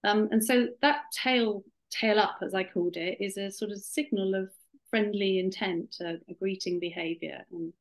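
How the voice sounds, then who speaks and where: A woman's voice: mid-range voice, steady tone, normal speed, poor audio. A middle-aged woman, an author and scientist, talking casually over a video call with many restarts. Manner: chatty, warm, many restarts and "you know". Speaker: author and cat behaviour scientist, guest. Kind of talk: webinar interview.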